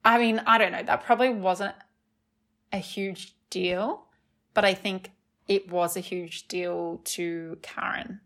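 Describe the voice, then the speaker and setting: A woman, co-hosting a podcast and chatting casually with quick asides. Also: mid-range voice, steady tone, fairly bright tone. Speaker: podcast co-host. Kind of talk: casual recap chat.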